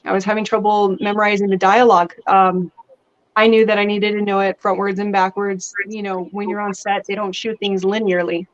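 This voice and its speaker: Chatty woman telling animated stories. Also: mid-range voice, a little fast, dull audio. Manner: chatty, animated storytelling with laughs. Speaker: guest actress. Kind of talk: casual interview chat.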